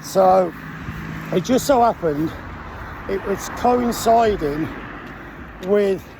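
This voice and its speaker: A middle-aged man tells a personal story in a halting, emotional way, often stopping to restart his sentences. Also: sits high, animated, noisy background. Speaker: former military trainee telling his story.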